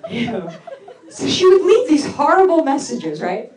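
A woman doing a stand-up comedy set, telling stories in a brash, profane way with animated impressions. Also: high-pitched, normal speed, echoey room, recorded from a distance, noisy background. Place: comedy club stage. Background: audience laughter.

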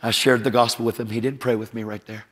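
A man's voice: mid-range voice, quick pace. A middle-aged man preaching a storytelling sermon, full of energy, acting out the voices in his stories and joking with the audience. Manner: energetic, acts out quoted voices, jokes with the audience.

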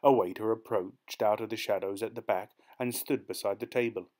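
A man reading a short story aloud as an audiobook narrator, steady and measured. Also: lowish voice.

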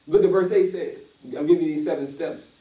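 This pastor's voice is on the high side and a little fast as he preaches conversationally to a responsive congregation. He tells stories as an animated narrator, acting out quoted voices in a casual dialect, caught in roomy, distant church audio.

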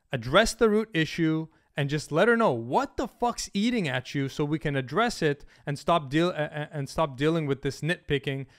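A man giving dating advice straight to camera, blunt and emphatic, swearing freely. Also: a little high. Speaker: dating coach. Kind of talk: direct-to-camera advice monologue.

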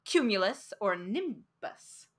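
A woman voicing a jovial, grand old bearded male psychiatrist who asks loud, theatrical questions in a storybook reading. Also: mid-range voice, big pitch swings, slow pace, full character voice.

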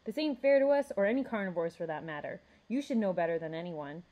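A woman's voice: mid-range voice, animated, moderate pace, dull audio, lightly acted. A woman reading aloud as Joshua, a frustrated teenage boy who speaks bluntly and heatedly. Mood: angry. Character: angry frustrated teen boy carnivore student.

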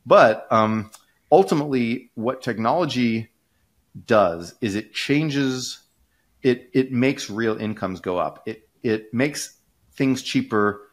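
A man hosting a podcast, explaining economics in a casual, rambling way, full of fillers and restarts. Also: lowish voice.

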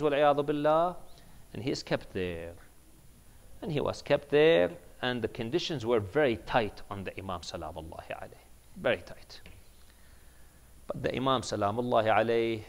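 A man giving a sermon, moving between hushed grieving tones and loud, emphatic preaching, with Arabic devotional phrases woven in. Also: mid-range voice. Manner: swings from hushed, near-whispered grief to loud, emphatic preaching. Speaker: imam giving a majlis sermon.

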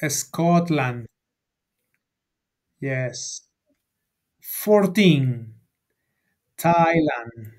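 An English teacher runs a call-and-repeat drill for a beginner class. His slightly high voice moves slowly, stressing every word so students can echo it, and it rises on each prompt.

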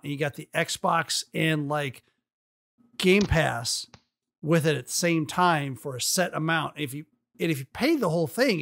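A man's voice: fairly high pitch, creaky, fairly bright tone. A man co-hosting a casual gaming podcast, teasing dryly and musing aloud. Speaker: podcast co-host. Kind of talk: casual chat.

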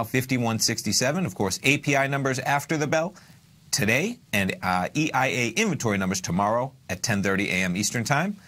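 A man hosting a live market news update, reading prices in brisk, casual broadcaster patter with a dry sarcastic edge. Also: medium pitch, a bit bright.

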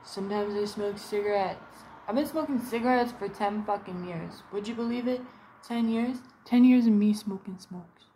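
Woman, vlogger, rambling monologue, profane, wandering, mid-pitched. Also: moderate pace, warm tone, slight background noise. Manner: profane, wandering, puts on voices in quotes. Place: sitting at home.

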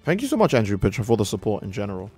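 A young man live-streaming a game, chatting casually and reading out donations, laid-back and profane, his voice jumping high when he gets excited. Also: very fast, slightly rough, dry recording, soft background music.

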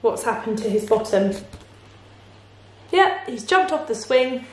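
A woman teacher reads a children's picture book aloud at an unhurried pace. Her voice rises and falls in a lively sing-song, and she stops to ask her young listeners questions. The room adds a clear echo. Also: a little high. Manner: slow, warm, playful, asks listeners questions. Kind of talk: children's storybook reading. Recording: echoey room.

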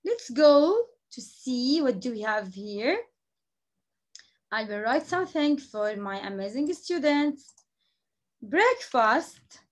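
Lady teacher, high voice, slow and patient with little kids. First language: Arabic. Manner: repeats words slowly, switches into Arabic to explain. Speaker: English teacher. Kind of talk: classroom lesson for young children.

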